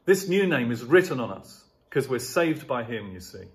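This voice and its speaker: A man's voice: medium pitch, sing-song, moderate pace. A man delivers a sermon from the pulpit. His voice sits in an ordinary middle register, and he lifts and presses on key words, building points through repeated refrains. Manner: emphatic, rhetorical repetition, rising on key words. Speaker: pastor.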